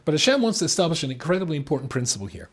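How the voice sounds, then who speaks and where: A rabbi leads a text class before a small live audience. His slightly husky voice sits a little high and swings widely in pitch as he reads and explains. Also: very fast. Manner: lively, reads Hebrew text then explains it. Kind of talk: animated Torah class.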